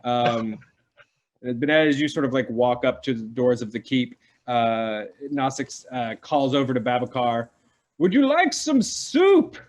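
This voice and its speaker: A man at a mid-range pitch narrates a tabletop game as its game master. He is unhurried and easygoing, and he fills his sentences with small pauses and fillers. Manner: relaxed, many filler pauses.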